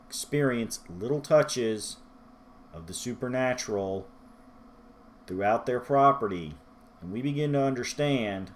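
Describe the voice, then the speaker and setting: Man, book review vlog, unhurried, rambling, self-deprecating, faint hiss behind. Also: lowish voice, darkish tone. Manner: rambling, self-deprecating, loses his place in his notes.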